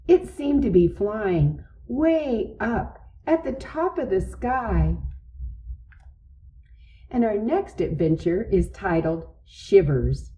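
A woman reads a children's story aloud in a gentle, deliberate way. She goes very slowly, and the recording sounds dull and lo-fi. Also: mid-range voice.

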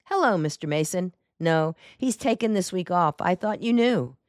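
In an audiobook, a woman voices a polite male night office attendant, pitching slightly above her own fairly low voice while staying close to an everyday sound. She speaks at a moderate pace with lively intonation, in a dry recording with clean studio sound.

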